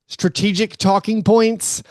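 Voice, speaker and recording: Male podcast co-host, a bit high-pitched, playful riffing banter, dry studio sound. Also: level tone, takes it slowly, darkish tone, no room sound. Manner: joking, laughs often, riffs on quotes. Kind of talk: casual sports chat.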